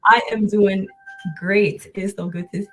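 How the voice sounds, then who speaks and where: A woman's voice: medium pitch, steady tone, measured pace, fairly bright tone, soft background music. Laughing middle-aged woman guest. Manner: laughing, chatty. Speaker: guest counselor. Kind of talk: casual radio chat.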